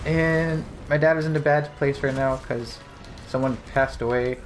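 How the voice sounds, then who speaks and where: A man's voice: medium pitch, fairly even intonation, normal speed, music in the background. Candid young man hosting a podcast. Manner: candid, rambling storyteller with frequent fillers. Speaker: podcast host. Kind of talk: casual gaming podcast chat.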